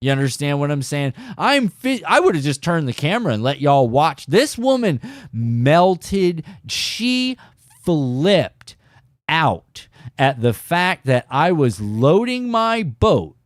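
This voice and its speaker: A man's voice: fairly high pitch, slow, no room sound, clean studio sound. A man hosting a fishing channel tells his viewers a story in a casual, emphatic way. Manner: animated and emphatic, keeps saying "dude".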